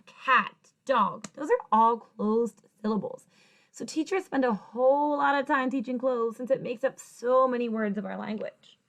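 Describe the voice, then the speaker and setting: A woman teaching phonics to young children, with a voice pitched a little high. She stretches out vowel sounds and syllables, asks the viewer questions, and praises the right answers.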